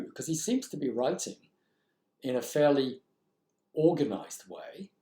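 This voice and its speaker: Man reading and unpacking a text in a recorded lecture, wondering aloud, middle pitch, reverberant room. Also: sing-song, a little slow, pauses often, warm tone. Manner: musing, asks rhetorical questions aloud. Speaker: literature lecturer. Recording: echoey room.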